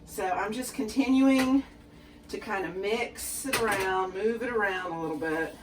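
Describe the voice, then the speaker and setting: A woman's voice: medium pitch, a little slow, recorded from a distance, noisy background. A woman hosting a home cooking demonstration, chatty and self-deprecating, talking straight to her viewers. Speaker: cooking show host. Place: home kitchen.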